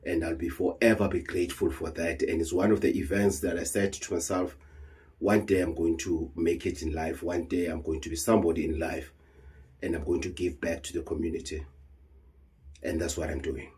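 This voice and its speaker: A man's voice: low voice, fairly even intonation, brisk, a little mellow, husky. A South African man, a traditional healer, talking heatedly and earnestly to camera, repeating words and mixing in Zulu phrases. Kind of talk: emotional monologue to camera.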